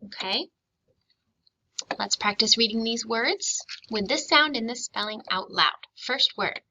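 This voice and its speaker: A woman teaching a recorded phonics lesson to young children, speaking slowly and clearly, stretching out sounds and syllables and pausing after her questions. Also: fairly high pitch, lively intonation, bright, forceful tone, slight background noise, poor audio. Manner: asks questions and pauses for children to answer.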